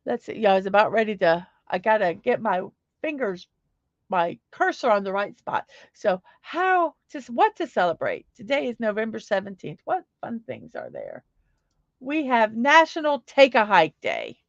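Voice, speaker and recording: A woman's voice: mid-range voice, huge pitch swings, moderate pace, no room sound, muffled recording. A middle-aged woman hosting a casual home livestream, chatty and upbeat, reading viewers' comments aloud. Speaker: livestream host.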